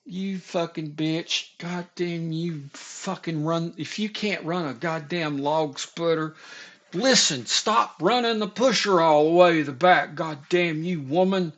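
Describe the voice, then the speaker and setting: A man's voice: on the high side, steady tone, slow pace, hardly any pauses, pitched above the performer's own voice. A man mimicking a foul-mouthed, furious boss. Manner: cussing, shouting orders. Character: foul-mouthed angry man barking at his crew. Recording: dull lo-fi recording.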